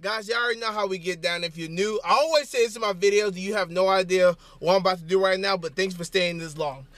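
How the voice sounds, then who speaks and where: A young man talking straight to a handheld camera in a crude, joking vlog. His voice sits high and sounds bright and forceful. Every so often he breaks into loud, shouted hype. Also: fast. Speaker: fitness vlogger. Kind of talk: casual vlog chat to camera. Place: gym and home.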